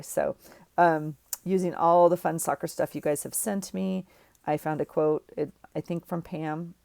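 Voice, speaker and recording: A woman's voice: low-pitched, gravelly, mellow, no room sound. A woman in her forties, a journaling vlogger, chatting in a rambling, emotional way with lots of fillers. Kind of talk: casual chat.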